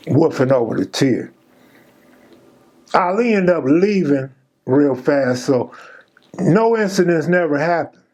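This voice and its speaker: A man's voice: fairly high pitch, darkish tone. A man hosting his own channel, telling a true story in a casual, laid-back, slangy street style.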